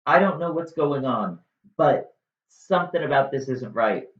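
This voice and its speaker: A man voicing a sharp-tongued, loyal young woman in an earnest, persuasive way. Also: mid-range voice, expressive, measured pace, close to an everyday voice. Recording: dull echoey room recording.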